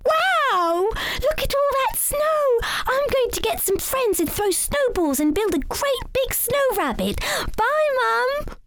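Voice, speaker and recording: A woman voicing an eager young boy rabbit in a storybook, crying out in a high excited voice. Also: slow pace, slight background noise, full character voice.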